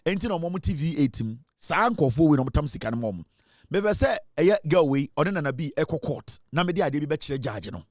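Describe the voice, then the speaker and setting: Ghanaian man, angry online rant, higher voice, dry close sound, scornful mix of English and Twi. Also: very animated, fairly quick, darkish tone, no room sound. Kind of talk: angry social media rant.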